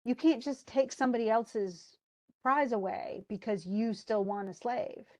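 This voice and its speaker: A woman's voice: a little high, unhurried, darkish tone, lightly acted. Give me a furious young warrior played by a woman, told casually and heated. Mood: angry.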